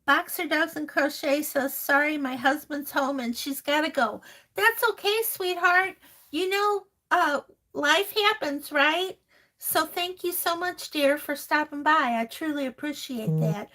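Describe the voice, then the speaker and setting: A crafting channel host speaks in a high, animated voice with a slow pace and a sharp tone. She chats casually on her live stream, reading viewer comments, laughing often and fondly calling her viewers honey and sweetheart.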